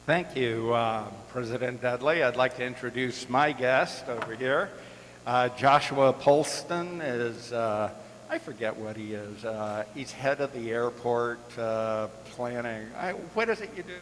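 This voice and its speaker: A man casually introduces his guest, pausing and hesitating as he talks. His mid-pitched voice rings in a long hall reverb over faint noise. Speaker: club member introducing a guest.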